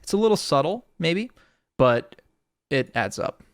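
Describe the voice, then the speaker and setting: This man's voice sits fairly high, with vocal fry, and he's very animated yet keeps a measured pace. As a music producer, he gives a laid-back sound design tutorial full of "sort of," close to a studio microphone.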